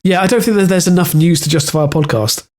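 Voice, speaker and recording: A man's voice: high-pitched, fast talker, a little mellow. A man with a Welsh accent co-hosting a podcast, reading news stories aloud in casual chat with many fillers and restarts. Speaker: podcast co-host.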